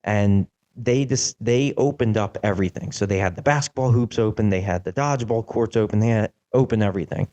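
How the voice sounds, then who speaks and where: A young man hosting a podcast, telling a casual story in an animated way, with lots of "like" fillers. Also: on the low side, a little fast, few pauses, lo-fi sound. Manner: animated, acts out quotes, many "like" fillers. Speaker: podcast host.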